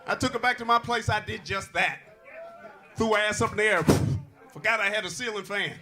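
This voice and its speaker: High-voiced man telling crude stand-up jokes. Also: fairly quick, pushed and bright. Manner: crude storytelling with punchlines. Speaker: stand-up comedian. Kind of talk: stand-up comedy set. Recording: noisy crowd at a live show.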